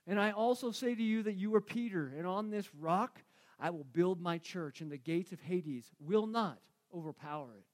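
A male pastor preaching a sermon, acting out Bible figures and swinging from loud to hushed. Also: high voice, lively intonation, normal speed.

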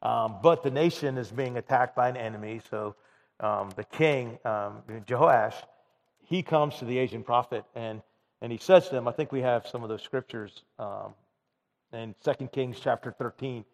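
A man's voice: mid-range voice, normal speed, vocal fry. A man preaching a conversational sermon in a church, with many restarts and fillers. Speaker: pastor. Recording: reverberant church hall.

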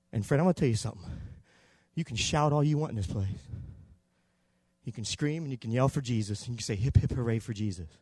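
A man preaching a sermon in a church, swinging between loud shouting and quieter low passages. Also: slightly rough, no echo. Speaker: pastor.

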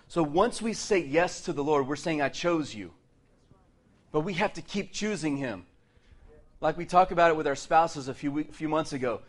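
Middle-aged male pastor, sermon delivery, animated and playful, slightly higher voice. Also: moderate pace. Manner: lively, joking asides and laughs between points.

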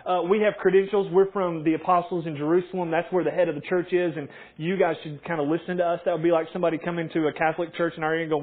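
A man preaching a conversational sermon, telling stories and acting out quotes in an animated way. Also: a little high, fast, hardly any pauses, narrow, tinny audio. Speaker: pastor.

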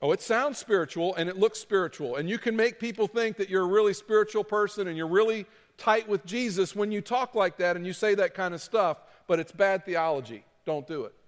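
A man preaching a sermon as pastor, dramatic, moving between loud pleading and quiet asides. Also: high-pitched, brisk, hardly any pauses, in a large hall.

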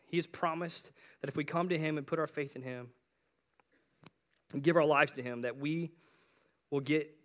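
Young man, youth preacher, casual chatty sermon, high-pitched, bright tone. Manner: relaxed, chatty, with frequent restarts and slang.

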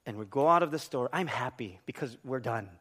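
A man's voice: mid-range voice, lively intonation, a little fast, a bit bright. A man preaching a sermon, telling a humorous personal story and acting out both sides of the dialogue. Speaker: pastor.

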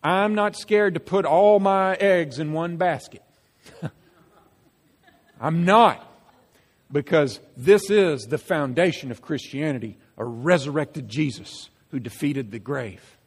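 Male pastor, fairly high voice, animated emphatic preaching, echoing church sanctuary. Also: slow. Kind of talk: sermon. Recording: long reverb of a church hall.

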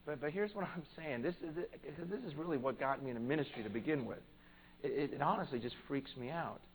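A pastor preaching a conversational sermon in church, earnest and plain-spoken, swelling to emphatic peaks. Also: male voice, fairly high pitch, fast talker, slight background noise, low-quality recording.

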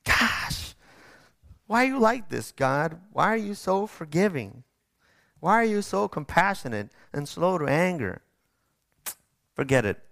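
A preacher putting on a whiny, exasperated prophet. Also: male voice, a little high, very animated, creaky, a bit bright, no room sound, studio quality, pitched above the performer's own voice, full character voice. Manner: whiny, exasperated, rapid outbursts. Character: sulking, indignant male prophet complaining to God. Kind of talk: sermon with acted quotes.

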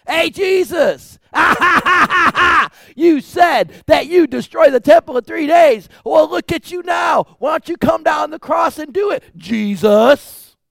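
A sneering male mocker, acted out by a preacher, shouts his taunts in a strained, high voice. He throws each insult hard, loud and scornful. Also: slow, creaky, few pauses, dry recording, studio quality, exaggerated voice. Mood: jeering. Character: jeering male crowd member mocking a condemned man.

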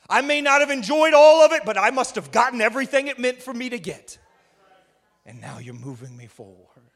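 A male preacher delivering a sermon emphatically, often raising his voice to a shout. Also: high voice. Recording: reverberant hall.

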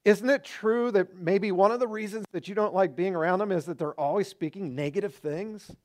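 A middle-aged man preaching a sermon as pastor, conversational and animated, acting out quoted remarks. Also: high-pitched, a little fast.

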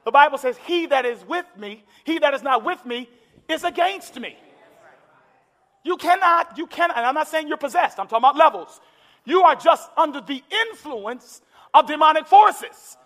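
A man preaching a sermon in a church, building to impassioned shouted climaxes. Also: very high voice. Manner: impassioned, shouting climaxes with call-and-response urgency. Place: large church hall with congregation. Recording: echoey church hall with crowd.

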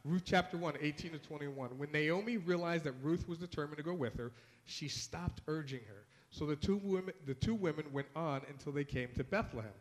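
A man's voice: a little high, brisk, in a large hall. A man giving a conversational sermon, retelling scripture in everyday words and acting out the people in it. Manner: conversational preaching with casual asides, acting out voices of biblical figures. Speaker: pastor.

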